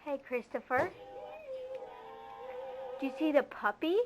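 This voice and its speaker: A woman's voice: sits high, unhurried, over music. A mother talking to her toddler in a home video, coaxing him in a sing-song baby-talk way.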